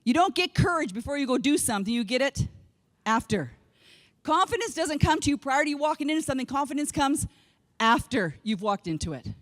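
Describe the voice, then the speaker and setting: A woman from Canada giving a humorous keynote speech, an animated storyteller who acts out what people said. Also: sits high, fairly quick, long reverb tail. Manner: animated storyteller acting out quotes. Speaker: keynote speaker. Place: large conference hall.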